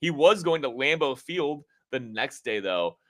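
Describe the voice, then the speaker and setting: A man's voice: medium pitch, expressive, a little slow, fairly bright tone. A man hosting a casual sports podcast, rambling and joking with lots of fillers. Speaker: podcast host. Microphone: podcast mic.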